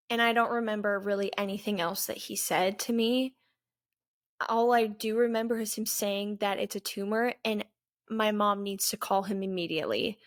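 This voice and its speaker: A woman in her twenties, a vlogger, candidly recounting a personal story in an earnest, halting way with pauses. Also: mid-range voice. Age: 20s.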